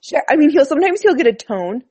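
High husky woman, super animated, laughs a lot, chatting w friends. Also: fast. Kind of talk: casual chat.

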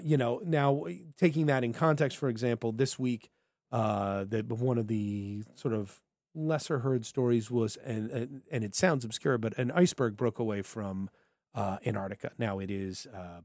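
A man co-hosting a podcast in casual political banter, animated and jokey, slipping into funny voices for quotes. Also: on the low side, moderate pace, dry recording, studio quality. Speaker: podcast co-host.

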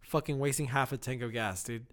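A man's voice: mid-range voice, fairly even intonation, fairly quick. A young man from California, telling a profane, laughing story about his delivery driving and acting out the other people's voices. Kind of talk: casual chat.

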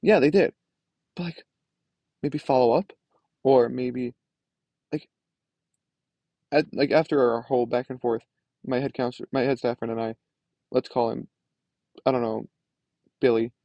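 A man's voice: mid-range voice, steady tone, unhurried, long pauses, warm tone, no echo. A young man hosting a solo podcast, telling a frustrated story in a casual, rambling way full of fillers. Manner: ranting, frustrated, many "like" fillers. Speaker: podcast host.

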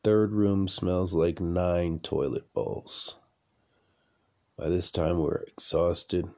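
A man's voice: deep voice, extremely slow, mellow. A man podcasting from a room at home at night, telling a long story in a rambling, blunt way and repeating phrases for effect. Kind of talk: casual storytelling monologue.

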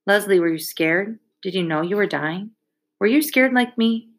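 A woman's voice: medium pitch, lively intonation, moderate pace, close to an everyday voice. A woman reading as an earnest frightened ten-year-old boy. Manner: earnest, pleading. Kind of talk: audiobook reading.

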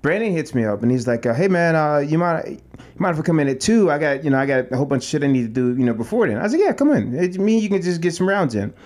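Man, podcast co-host, fight trainer, animated swearing storyteller, fairly high voice. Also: rapid-fire. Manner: animated, profane storytelling with acted-out quotes. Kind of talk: casual storytelling chat.

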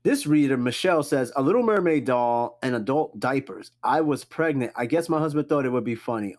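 A man hosting a casual solo podcast, reading out a list and reacting with loud, profane, joking comments. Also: medium pitch, fairly quick, few pauses. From New York. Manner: animated, cussing, jokey reactions to a list. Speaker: podcast host.

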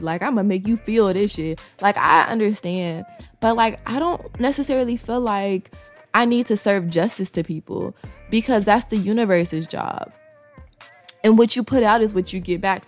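A woman talking candidly to her viewers in a casual monologue, swearing freely and repeating key lines for emphasis. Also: medium pitch.

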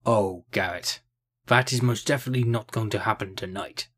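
A stern captain of the guard speaks in a deep, stoic voice, measured and firm, as a male narrator puts him on. His tone sits low. He sounds like a seasoned soldier from a fantasy storybook. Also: fairly bright tone, breathy edge.

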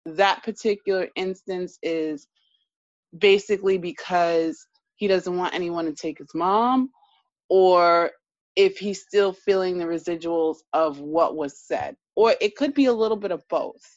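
Casting note: easygoing female podcast co-host, lower voice, dull lo-fi sound. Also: unhurried, dry recording. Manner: chatty, emphatic, trails off and restarts. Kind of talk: casual reality TV recap chat.

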